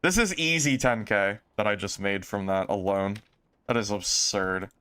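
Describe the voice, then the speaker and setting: A man streaming a game, talking casually and exclaiming often in excitement. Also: on the low side, moderate pace, smooth.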